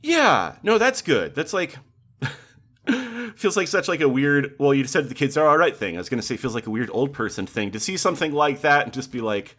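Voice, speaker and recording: Laughing, animated man in casual chat. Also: on the high side, normal speed. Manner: laughs often, animated and profane. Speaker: podcast co-host.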